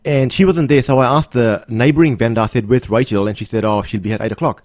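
Fast-talking man, podcast guest. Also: medium pitch, darkish tone, no echo, clean studio sound. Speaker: guest, motivational speaker. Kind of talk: casual interview chat.

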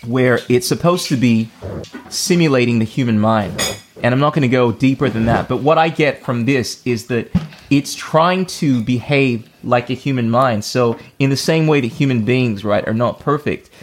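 A man's voice: mid-range voice, moderate pace, a little hiss or hum. A man hosting a podcast, talking in a laid-back, slangy and enthusiastic way. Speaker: podcast host. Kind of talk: casual conversation.

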